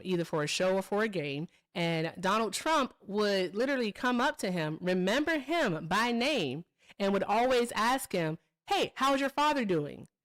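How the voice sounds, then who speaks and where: A woman hosting a live call-in political debate stream, combative and mocking, repeating her points. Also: mid-range voice. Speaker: livestream political debate host.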